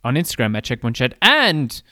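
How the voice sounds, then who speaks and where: A laid-back man chatting on a podcast, mid-pitched and easygoing. He swears casually and lets his sentences trail off. The sound is dry and close, with no room echo. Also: huge pitch swings, moderate pace, pushed and bright. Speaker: podcast co-host. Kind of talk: casual chat.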